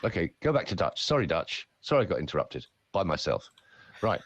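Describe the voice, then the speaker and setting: A man's voice: deep voice, big pitch swings, a little fast, husky, no room sound, dull audio. A man who works as a voice-over artist and speaker, talking playfully and theatrically in a podcast conversation.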